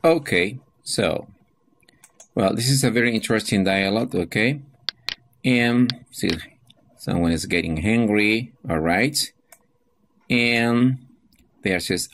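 A man's voice: lowish voice, takes it slowly, long pauses, a bit bright. A man teaching an English class, walking students through a workbook and often checking in with "okay?" and "all right?". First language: Spanish. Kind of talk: classroom explanation of a textbook lesson.

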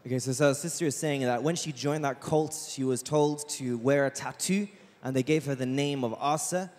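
A man interviews a church guest with calm, probing questions and recaps her answers. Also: mid-range voice, moderate pace, in a large hall.

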